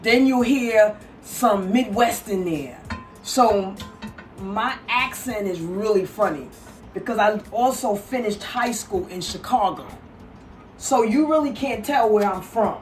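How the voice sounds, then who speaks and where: A woman whose accent blends Brooklyn with the South talks lively and casually at home. Her voice sits a little back from the mic, with soft music playing behind her. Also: medium pitch, takes it slowly, far from the mic. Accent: mixed Brooklyn and Southern. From New York. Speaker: fashion collector showing her pieces. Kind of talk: casual chat on camera. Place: home kitchen.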